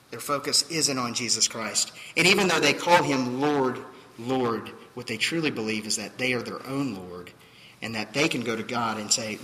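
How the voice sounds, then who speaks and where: Bright-voiced preacher in a reverberant hall. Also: male voice, mid-range voice, moderate pace. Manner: emphatic, rhetorical questions, acts out quoted voices. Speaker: pastor. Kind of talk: sermon.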